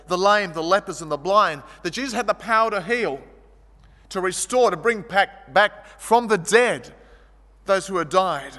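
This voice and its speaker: A man preaching a sermon, his voice pitched high and bright with a tense edge. He tells stories vividly, rising to loud, animated passages and dropping to quiet ones. The sound carries a long hall reverb. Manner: storytelling, shifting from vivid and loud to quiet and low. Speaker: pastor.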